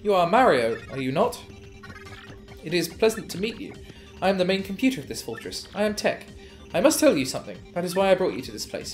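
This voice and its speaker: Man playing a machine voice, formal and measured, game character. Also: high-pitched. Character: polite male fortress computer.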